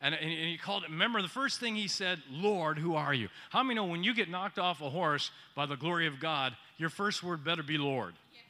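A man's voice: a little high, brisk. A man preaching a sermon as pastor, joking with the congregation and asking them questions. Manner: joking, animated preaching with audience call-outs.

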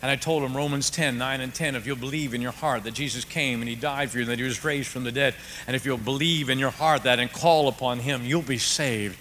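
Animated pastor in a big echoing hall. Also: male voice, mid-range voice, brisk, hardly any pauses, a little hiss or hum. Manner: animated storyteller, swings from hushed to shouting. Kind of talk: sermon with storytelling. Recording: reverberant hall with faint ambience.

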